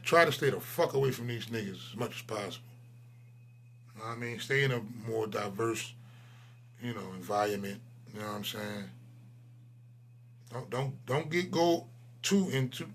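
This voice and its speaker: A man in his forties, a channel host, delivering a profane, heated ranting monologue that swings between loud outbursts and low mutters. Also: breathy edge. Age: 40s.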